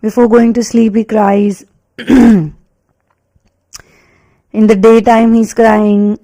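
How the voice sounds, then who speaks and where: A woman's voice: on the high side, flat delivery, slow, dark tone, low-quality recording. A woman with an Indian English accent, a tarot and energy reader, giving a spiritual reading in an earnest, repetitive way, full of fillers and emphatic restatements.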